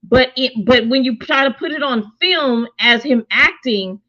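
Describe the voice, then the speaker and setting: High-voiced woman, dull lo-fi sound. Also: unhurried, bright, forceful tone. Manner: emphatic, opinionated, rhetorical questions. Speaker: co-host reviewing a TV show. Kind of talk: casual chat.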